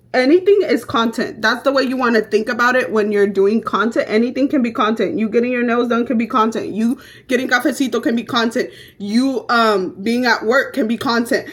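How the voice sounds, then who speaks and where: A young woman vlogger chatting through her makeup routine, telling stories in a brash, profane, animated way. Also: a little high. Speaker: beauty vlogger. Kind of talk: casual get-ready-with-me chat.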